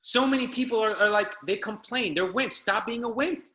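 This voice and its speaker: Fired-up high-voiced male motivational coach. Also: moderate pace, pushed and bright, roomy sound. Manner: fired-up, hammering repetition, exhorting. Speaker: online business trainer. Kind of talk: motivational speech on a group call.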